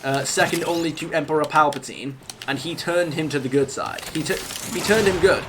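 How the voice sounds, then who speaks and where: A young man chats while streaming a game, rambling and halting as he thinks aloud. His voice sits a bit high for a man. Steady noise runs under the recording. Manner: rambling, halting, talks over gameplay. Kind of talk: casual gaming stream chat. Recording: noisy background.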